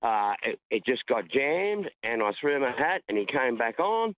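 A man's voice: mid-range voice, very animated, normal speed, no room sound. A man with an Australian accent calling in to a radio show, telling a story in a rambling, enthusiastic, colloquial way. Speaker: caller. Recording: tinny phone line.

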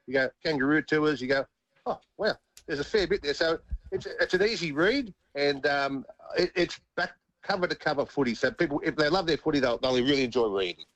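A man's voice: a little high, lively intonation, brisk, a bit bright, dry recording, highs cut off. A middle-aged man with an Australian accent, a former footballer telling stories in an interview, chuckling and repeating words as he goes. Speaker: interview guest, former rugby league player. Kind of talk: casual storytelling interview.

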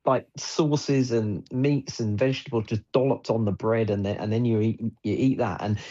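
A man joins a radio show as a travel guest, rambling enthusiastically with lots of fillers and restarts. His voice sits a little low. The line sounds dull and lo-fi. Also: steady tone, normal speed, mellow. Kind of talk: radio interview chat.

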